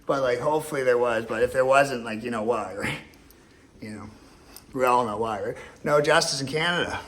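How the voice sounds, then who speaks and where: A man's voice: medium pitch, a little fast, a bit bright, a little hiss or hum. A man talking alone to camera in a rambling, emotional rant, swearing often and repeating himself. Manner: rambling, profane, emotional and repetitive. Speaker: vlogger. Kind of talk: ranting monologue to camera.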